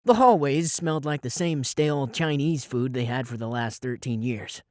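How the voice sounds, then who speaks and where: A man's voice: mid-range voice, normal speed, a little mellow, dry recording. A man narrating a first-person audiobook in a wry, sarcastic storytelling manner, on a close studio mic.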